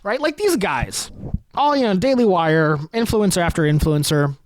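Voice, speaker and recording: A man's voice: sits high, very animated, normal speed, no echo. A man hosting a comedy podcast, delivering a sarcastic, profane rant. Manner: ranting, sarcastic, heavily profane.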